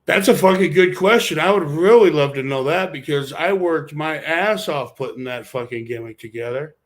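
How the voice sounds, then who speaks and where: Swearing ex-wrestler telling stories. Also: male voice, a little high, normal speed. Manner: swears constantly, loose rambling storytelling. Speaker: interview guest, former wrestler. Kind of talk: casual storytelling interview.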